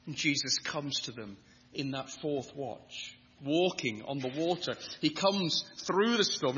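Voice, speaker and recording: A man's voice: fairly high pitch, sharp tone. A man preaching a sermon with an emphatic, rhythmic delivery that builds on repetition. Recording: dull lo-fi sound with long hall reverb.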